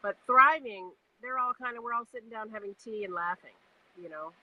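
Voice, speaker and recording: A woman's voice: fairly high pitch, a little fast, dry recording, narrow, tinny audio. A woman hosting a podcast, speaking in a reflective, encouraging way. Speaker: podcast host. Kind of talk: casual heartfelt conversation.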